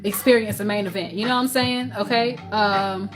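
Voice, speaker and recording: With music playing beneath her, a Southern US woman gives a loose, conversational tarot reading. Her medium-pitched voice stays steady at a normal speed, though her talk is full of fillers and restarts.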